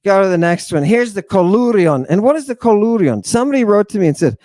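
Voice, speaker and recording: A man hosting an animated lecture on word meanings, talking emphatically in an excitable, jokey, irreverent way. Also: sits high, fast talker, no echo. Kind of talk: animated lecture to an online audience.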